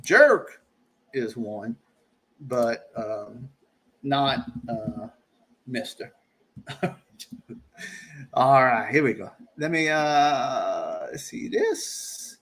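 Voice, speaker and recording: A man's voice: medium pitch, expressive, extremely slow, long pauses, a bit bright. A man hosting a casual live stream from home during a storm, jokey and chuckling, with rambling asides. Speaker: livestream host.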